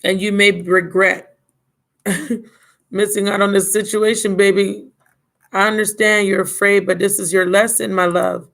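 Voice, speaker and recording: A woman's voice: mid-range voice, little pitch movement, unhurried, gravelly, a bit bright, poor audio. Drained, blunt woman reading tarot live. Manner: casual and blunt, calls listeners baby and my love. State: drained and yawning. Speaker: tarot reader.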